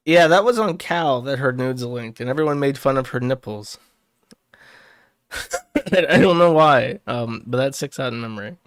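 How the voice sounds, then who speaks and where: Smooth-voiced man chatting casually. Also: mid-range voice, fairly bright tone, no room sound, studio quality. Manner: rambling, crude, chuckling asides. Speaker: streamer. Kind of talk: casual reading and commentary.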